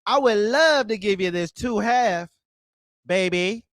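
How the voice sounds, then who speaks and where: A man doing a mock-seductive sweet-talker, pitched clearly higher than his own speech, wheedling and syrupy as he croons his come-ons. It comes across as a teasing impression rather than a real seduction. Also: animated, takes it slowly, a bit bright, dry recording, clean studio sound, full character voice. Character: mocking high-voiced man sweet-talking a woman.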